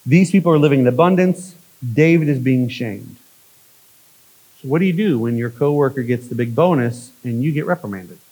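In poor-quality audio, a man preaches in a conversational style, often asking "right?" as he moves from forceful statements to quiet ones. He speaks at a medium pitch and a moderate pace.

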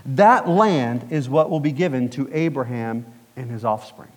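Pastor preaching in a reverberant hall. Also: male voice, medium pitch, lively intonation, a little slow. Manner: conversational, asks the congregation questions. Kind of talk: sermon.

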